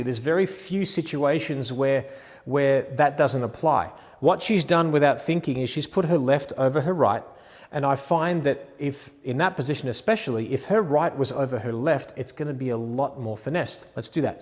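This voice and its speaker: A man teaching wedding photography posing, talking through each adjustment while gently directing a model. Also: medium pitch, moderate pace, in a large hall.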